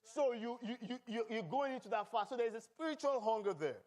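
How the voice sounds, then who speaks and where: A Nigerian-accented pastor preaching in church, his voice sitting noticeably high for a man. He moves between reading scripture and joking with the congregation. His delivery is animated and calls for answers from the pews. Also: a little fast. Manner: animated preaching with humor and call-and-response. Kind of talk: sermon.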